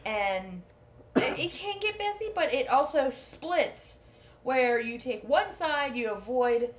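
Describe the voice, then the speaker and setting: A woman's voice: high-pitched, animated, slow pace. A woman co-hosting a podcast, telling a story in casual chat, hesitant with many restarts. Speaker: podcast co-host. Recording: dull lo-fi recording.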